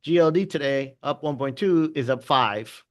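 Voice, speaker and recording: A man who trades options, chatting casually and telling animated stories. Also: fairly high pitch, normal speed, dry recording, studio quality. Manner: animated storyteller, laughs often, acts out quotes. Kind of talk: casual trading chat.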